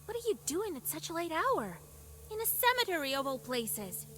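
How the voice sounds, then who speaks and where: An actress voicing a shrewd young village witch in a video game, calm and moralizing as she tells tales. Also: very high voice, normal speed, a little hiss or hum, full character voice. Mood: polite, reproachful. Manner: knowing storyteller, calm and moralizing.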